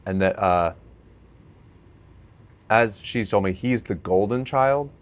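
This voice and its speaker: Laid-back young man, low voice. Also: slow pace. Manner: storytelling, laughs often, animated when acting out scenes. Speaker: podcast host. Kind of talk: casual chat.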